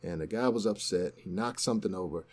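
A man's voice: deep voice, fast talker, darkish tone. Guy on a podcast telling a news story, acts out what people said. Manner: conversational storytelling, acts out quotes. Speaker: podcast co-host. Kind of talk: casual news discussion.

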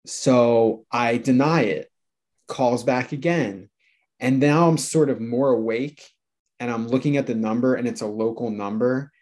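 A man in his thirties, chatting casually as a podcast co-host. He tells stories in a sheepish, self-deprecating way and drops swear words freely. His voice sits at an ordinary middle pitch for a man. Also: unhurried, a little mellow. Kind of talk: casual chat.

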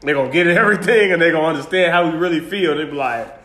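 A man's voice: on the high side, fast, sharp tone, echoey room. A man co-hosting a podcast, chatting casually and telling reflective stories with quoted lines. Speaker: podcast co-host.

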